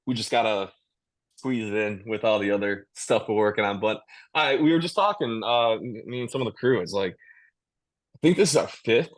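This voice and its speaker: A man's voice: fairly low pitch, normal speed. A man, a touring metal musician, talking casually in an interview over a video call, rambling with restarts and easy laughs. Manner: laid-back, rambling with many restarts and laughs.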